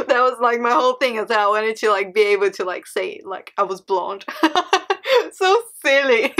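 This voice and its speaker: A woman's voice: fairly high pitch, expressive, normal speed, pushed and bright. A young woman whose first language is Portuguese, telling a dramatic storytime with frequent laughs and exclamations. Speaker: vlogger. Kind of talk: storytime vlog.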